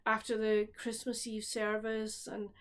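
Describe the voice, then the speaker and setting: A Scottish woman talks to her camera in a loose, conversational way, her voice sitting a little higher than most. She wanders through her thoughts, stopping mid-sentence and starting again, as a home book vlogger catching up with her viewers. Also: completely flat delivery, a little slow. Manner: rambling, breaks off and restarts sentences. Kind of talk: casual chat. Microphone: solo camera recording at home.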